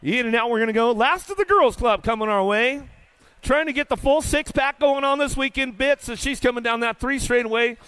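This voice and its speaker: A man announcing live BMX races in an indoor arena, rattling off riders' names in rapid play-by-play with casual, folksy banter. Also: very high voice, pushed and bright, smooth, no echo. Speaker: race announcer. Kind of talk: live BMX race commentary.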